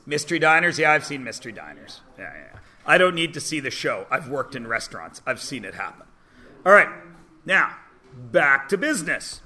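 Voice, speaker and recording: A man teaching a math class in a classroom, chatty and teasing, often checking in with quick questions. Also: mid-range voice, big pitch swings, bright, forceful tone. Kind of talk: classroom lesson.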